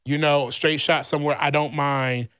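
Man from Louisiana, podcast host, casual storytelling, profane, blunt, rambling, slightly high voice. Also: moderate pace, clean tone, no room sound, studio quality. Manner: heavy swearing, blunt and animated; rambling with many fillers.

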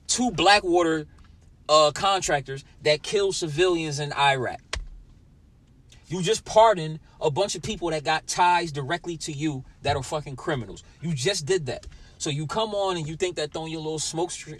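A man's voice: on the high side, normal speed, a bit bright. A young man hosting a podcast, ranting with lots of swearing and talking straight at his listeners in a sour, angry mood. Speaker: podcast host. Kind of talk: profane solo podcast rant.

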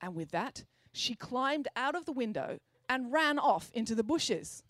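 A woman reading a children's story aloud, expressive and good-humoured. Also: on the high side, moderate pace, hardly any pauses, no room sound, studio quality.

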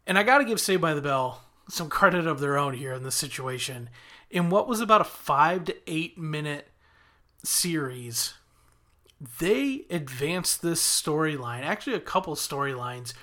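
A man casually retelling a TV episode, voicing snippets of the characters' dialogue along the way. His voice sits a little high and sounds bright and forward. The delivery is chatty and animated. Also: normal speed. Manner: animated retelling with quoted lines. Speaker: podcast host recapping a TV episode.

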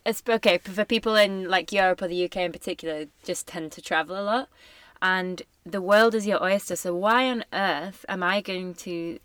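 A woman's voice: on the low side, fairly bright tone, clear, resonant tone, no echo. A woman co-hosting a podcast in casual chat, playful and teasing. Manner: playful, teasing, quick laughs. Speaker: podcast co-host.

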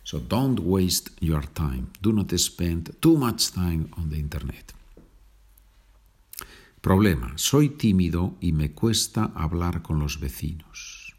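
Brief Male podcast language teacher, deep husky voice, patient and chatty. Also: darkish tone. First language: Spanish. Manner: slow deliberate example sentences, chatty asides ending in "okay?".

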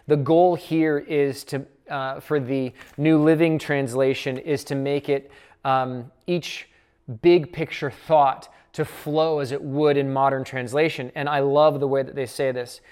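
A Bible study teacher leads a casual lesson, talking through each point in a relaxed, conversational way. The delivery sounds unscripted, with the teacher working out thoughts aloud while explaining the passage. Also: mid-range voice, unhurried, clear, resonant tone.

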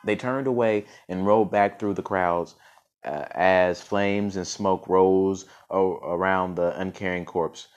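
A man's voice: deep voice, steady tone, takes it slowly, smooth. A man reading a story aloud, stumbling over words and often restarting mid-phrase. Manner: stumbling reading with frequent restarts and self-corrections. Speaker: podcast storyteller.

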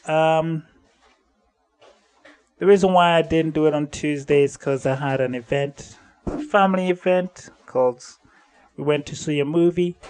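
A man with a slightly mellow, smooth voice hosts a solo podcast, talking casually and rambling as he corrects himself along the way. His mood drifts between upbeat and low-key.

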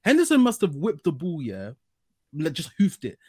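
High, husky, swooping young man. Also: normal speed, no echo, studio quality. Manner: teasing, animated, swears casually. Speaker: podcast co-host. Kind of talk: casual football chat.

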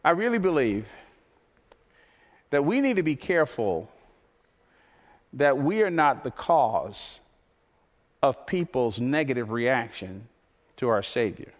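A man preaching a sermon as pastor, impassioned and repetitive, his voice climbing toward near shouts. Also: medium pitch, very animated, takes it slowly, long pauses, long reverb tail.

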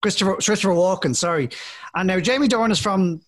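A man's voice: high-pitched, quick pace. An Irish man co-hosting a podcast, chatting casually about a film, with frequent restarts and laughing asides. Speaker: podcast co-host. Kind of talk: casual chat.

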